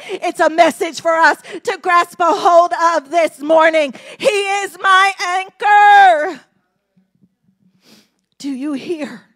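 A woman pastor preaching in a church with a very high voice. She speaks slowly and deliberately, dropping to a hush and then rising to impassioned shouts. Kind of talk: sermon. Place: church sanctuary.

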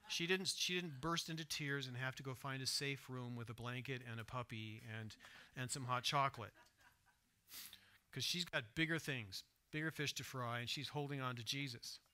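A man preaching a sermon in church, swinging between hushed, soft retelling and loud, emphatic asides, and asking his listeners direct questions. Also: medium pitch, fairly even intonation, normal speed. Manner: asks the congregation direct questions. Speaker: pastor. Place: church sanctuary.

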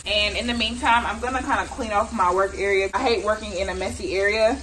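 A young woman at mid pitch chats her way through a home cooking vlog. She is slangy and speaks straight to her viewers. A faint sizzle of frying runs behind her voice. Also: steady tone, fast, fairly bright tone, slight background noise, low-quality recording. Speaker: vlogger and athlete. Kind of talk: casual cooking vlog narration. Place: home kitchen.

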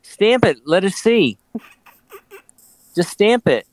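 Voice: mid-range voice, very animated, takes it slowly, a little mellow, no room sound. A co-host on a casual craft livestream, chatty and reading out viewer comments.

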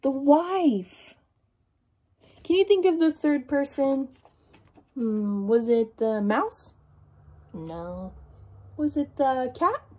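A young woman reads a picture book aloud to a group of children, slowly and with frequent pauses. Her high voice is animated as she tells the story and asks the kids questions.

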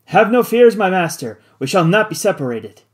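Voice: medium pitch, sing-song, normal speed, natural voice. A reader voicing a loyal, plucky young manservant in an audiobook, eager and cheerful in manner. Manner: eager, cheerful, cool under danger. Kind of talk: audiobook character voice.

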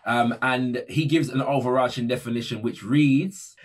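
A man's voice: medium pitch, steady tone, moderate pace, few pauses. A man presenting an explanatory talk, conversational, with frequent tag questions and fillers. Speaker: educator presenting a video series.

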